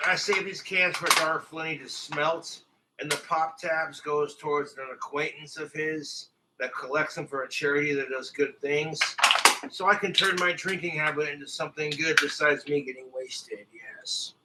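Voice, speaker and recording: A man's voice: a little high, steady tone, moderate pace, very noisy. A man ranting crudely and profanely on a livestream, talking straight to his viewers. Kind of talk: livestream rant.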